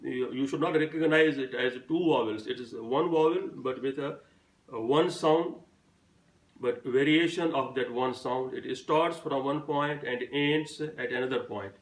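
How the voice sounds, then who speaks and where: A man's voice: medium pitch, measured pace, reverberant, far from the mic, poor audio. A man giving a phonetics lesson, carefully spelling out example words one at a time. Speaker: teacher.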